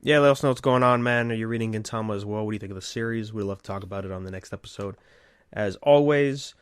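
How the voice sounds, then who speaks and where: A man co-hosting a podcast in an easygoing, rambling chat. His voice sits on the low side, and the sound is dry and close, with no room around it. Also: rapid-fire, clear, resonant tone, no room sound. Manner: relaxed, rambling, filler-heavy. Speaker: podcast co-host.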